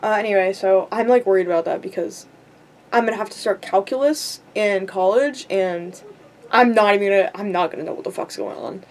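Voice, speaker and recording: A woman's voice: mid-range voice, darkish tone. A teenage girl in a rambling vlog rant, frustrated and self-deprecating, swearing often and filling her talk with "like". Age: teens. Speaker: vlogger. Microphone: camera.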